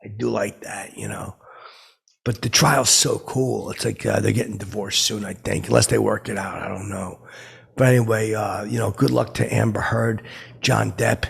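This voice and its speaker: A man's voice: on the low side, steady tone, normal speed, exaggerated voice. A man playing a rambling, starstruck oddball who tells awkward celebrity stories in a comedic character podcast monologue. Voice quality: gravelly, husky voice. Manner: meandering, awkward storytelling with nervous asides.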